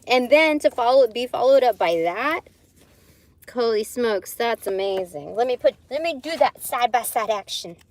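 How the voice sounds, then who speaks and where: A woman's voice: fairly high pitch, expressive, normal speed. A woman hosting a casual spiritual live stream, rambling with many fillers and frequent giggles. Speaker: spiritual livestream host. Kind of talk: casual live tarot chat.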